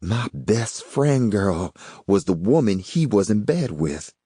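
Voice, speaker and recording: A man's voice: big pitch swings, slow, mellow, husky, dry recording, studio quality, heavily acted. A man voicing a troubled young woman with a blunt, clipped way of talking in an audiobook. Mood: bitter. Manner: blunt, clipped, raised-pitch delivery. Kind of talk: audiobook character voice.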